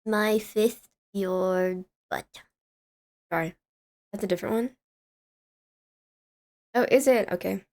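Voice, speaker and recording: A woman's voice: medium pitch, slow pace, pauses often, darkish tone. A young woman streaming live, chatting casually with viewers, rambling and laughing often as she greets chatters.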